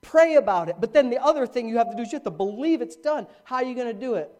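A middle-aged male pastor preaching a sermon, with dramatic swings from hushed to loud. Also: quick pace. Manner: animated preaching with dramatic swings in pitch and volume. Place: church, live-streamed.

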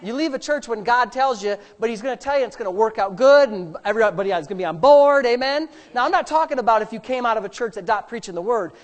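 A man preaching a sermon as a pastor, animated and sarcastic, swinging between loud, high bursts and quiet asides. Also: fast, hardly any pauses.

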